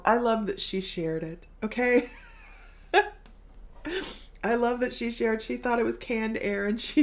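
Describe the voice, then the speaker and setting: Bubbly woman chatting on a live stream. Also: mid-range voice. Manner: bubbly, laughs often, reads viewer comments aloud. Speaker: psychic medium host. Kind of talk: casual live-stream chat.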